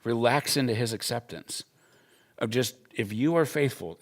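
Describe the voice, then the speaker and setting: A man's voice: medium pitch, animated, normal speed. A man in his forties teaching at a Bible school, talking in an earnest, emphatic, conversational way and telling personal stories. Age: 40s.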